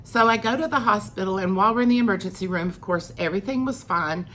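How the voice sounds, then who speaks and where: A woman's voice: mid-range voice, fast talker, a bit bright, a little hiss or hum. A middle-aged woman, telling a personal story in a chatty vlog, acting out what people said. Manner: chatty, acts out quoted lines with rising emphasis. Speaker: vlogger.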